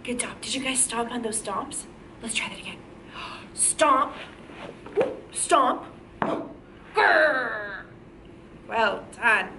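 A woman's voice: on the high side, steady tone, moderate pace, background noise. A woman leading a children's music lesson, singing in a bouncy sing-song way and calling out cheerful praise and cues. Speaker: kindergarten music teacher.

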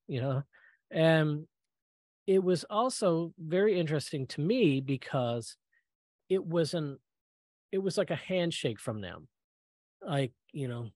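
A middle-aged man giving a storytelling talk, lively and acting out the voices he quotes, with frequent ums and uhs. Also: fairly high pitch, slow, long pauses, no echo. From Michigan, US. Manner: animated, acts out quoted voices, many fillers. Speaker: guest speaker.

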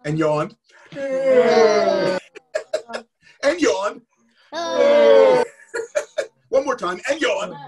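A man telling an interactive story to an all-age church audience and cueing them to act along. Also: high voice. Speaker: guest storyteller. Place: church service.

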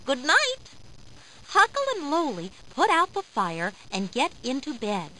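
A woman narrating a children's storybook game in a slow, clear, expressive way. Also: high-pitched, slight background noise, poor audio.

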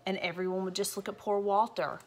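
A woman's voice: medium pitch, fairly even intonation, fairly quick, a little hiss or hum. A woman reading a picture book aloud to children, playful and chatty, stopping for asides.

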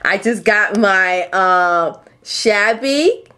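A woman vlogging an unboxing of a craft kit, gushing with excitement and jumping up into high squeals. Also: drawn-out words, smooth. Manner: gushing, breathless exclamations, leaps to high squeals.

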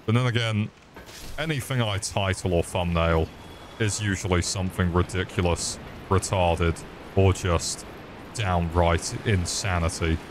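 A young British man giving live gameplay commentary, excitable and sweary as he chats with viewers. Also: deep voice, a little slow, slight background noise. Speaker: streamer.

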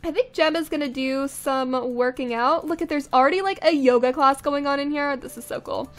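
A woman's voice: sits high, fairly quick, soft background music. A young woman giving casual, chatty gameplay commentary, thinking aloud with frequent little laughs, recorded on a condenser mic. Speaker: let's play host. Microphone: studio condenser microphone.

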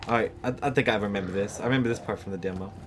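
A man's voice: on the low side, very fast. A man playing a horror game and commenting casually, giggling often and jumpy, talking to the screen. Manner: giggly, jittery, talks to the screen. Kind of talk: casual let's-play commentary. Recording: noisy home recording.

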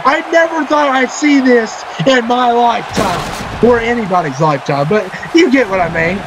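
High-voiced man shouting excited commentary. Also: moderate pace, background noise. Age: adult, a parent. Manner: excitable, often shouting and cheering. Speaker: gaming channel host. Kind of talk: excited play-by-play commentary over a wrestling video game. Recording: loud game music underneath.

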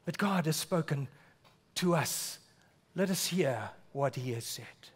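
A man from South Africa preaching a sermon in church, earnest, often dropping to a hushed, low voice on key words. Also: lively intonation, slow pace, breathy edge. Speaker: pastor.

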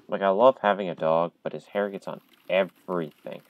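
A fairly low-voiced man plays a horror game at home, speaking into a headset. He chats casually with his viewers in a jumpy, nervous way, with sudden loud startled cries. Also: fairly even intonation, a little fast, hardly any pauses, highs cut off. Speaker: gamer streaming a horror game.

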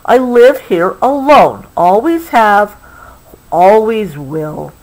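A woman's voice: medium pitch, expressive, slow pace, a little mellow, low-quality recording. A woman reading a picture book aloud, giving the lines of a grumpy man who wants to live alone. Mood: grumbling.

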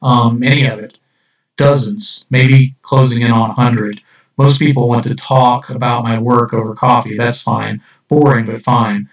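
A man's voice: mid-range voice, fairly even intonation, a little slow, roomy sound, lightly acted. A man reading a weary dead artist. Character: dead male artist, weary, matter-of-fact. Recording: dull distant lo-fi recording.

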